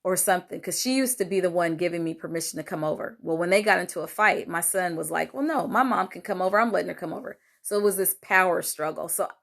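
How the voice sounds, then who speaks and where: An older woman, a grandmother, telling a personal story in a casual monologue, animated and acting out quoted lines, with many fillers. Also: fairly low pitch, fast, vocal fry, hardly any pauses. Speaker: host sharing a personal story.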